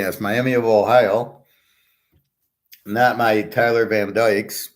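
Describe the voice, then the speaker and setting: A man's voice: lowish voice, fairly even intonation, slow. A man hosting a sports-betting show, talking through his picks in a blunt, rambling, profane way. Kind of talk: casual betting picks talk.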